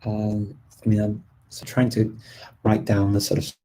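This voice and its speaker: A man's voice: lowish voice, completely flat delivery, unhurried, warm tone, poor audio. A man hosting a live stream, answering viewer questions in a casual, chatty way with frequent ums and restarts. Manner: chatty, many ums and restarts, light laughs.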